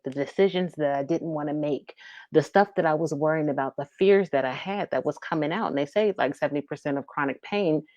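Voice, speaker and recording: A woman's voice: deep voice, darkish tone, dry recording, muffled recording. A middle-aged woman co-hosting a talk show, telling a personal story in an earnest, conversational way. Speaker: podcast co-host. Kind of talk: casual chat.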